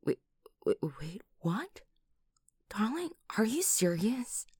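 A woman voicing a doting, protective lover who kills for her partner, in a whispered role-play with breathy whispers and sudden loud outbursts, close to the microphone. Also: fairly high pitch, big pitch swings, slow pace, no room sound, exaggerated voice. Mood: doting worried.

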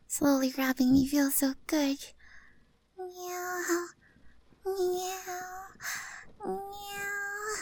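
Woman playing a breathy cat girl, whispered role-play. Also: sits high. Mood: affectionate. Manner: soft, breathy, adoring, meows between lines. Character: affectionate adult cat girl, devoted, clingy, pleading.

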